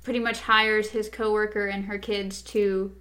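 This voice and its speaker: A woman in casual chat, recapping a show and acting out the characters' lines in quick voices. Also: medium pitch. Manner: animated, acts out quoted lines in quick voices. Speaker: podcast co-host.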